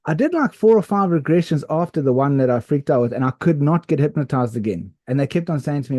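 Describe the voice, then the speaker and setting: A man co-hosting a podcast, telling a story in a rambling, animated way with lots of fillers and restarts. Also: a little high, quick pace, hardly any pauses, no echo. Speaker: podcast co-host. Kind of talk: casual storytelling chat.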